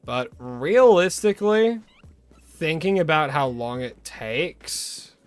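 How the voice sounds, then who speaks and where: A man's voice: fairly high pitch, big pitch swings, slow, clear, resonant tone, dry recording. An Australian man streaming a game live, chatting casually with viewers, greeting them and correcting himself as he rambles. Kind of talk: casual live-stream chat while playing.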